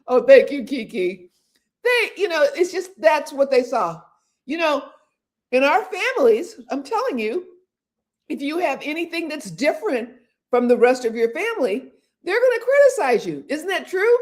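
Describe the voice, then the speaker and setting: Brief: older woman host, higher voice with lots of swing, acts out inner voices, quick to laugh. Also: sing-song. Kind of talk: casual motivational talk.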